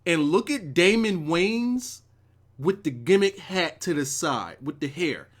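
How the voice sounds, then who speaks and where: Lively, rambling, profane male streamer. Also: high voice, unhurried. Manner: rambling, profane and animated, with chat asides. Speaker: wrestling show reviewer hosting a live stream. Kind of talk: casual live-stream storytelling.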